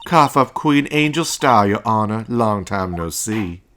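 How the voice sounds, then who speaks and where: A man's voice: on the low side, animated, measured pace, fairly bright tone, slight background noise. A man voicing a brash, cocky former woman detective who runs a lunch stand, with a smug, taunting manner. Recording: game music behind voice.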